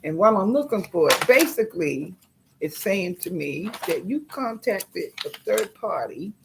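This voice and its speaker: A woman's voice: fairly low pitch, vocal fry, darkish tone, slight background noise. A woman vlogging to her viewers, reading old letters aloud and reacting with indignation while she sorts through papers. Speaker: YouTuber.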